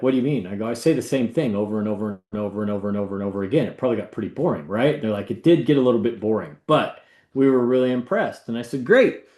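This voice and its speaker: A real estate agent, a man, chats loosely and animatedly. He slips into the voices of the people in his story. His voice sits in the middle range and bounces around a roomy, echoey space. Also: mid-range voice. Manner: animated, acts out the people he quotes. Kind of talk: casual storytelling talk. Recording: echoey room.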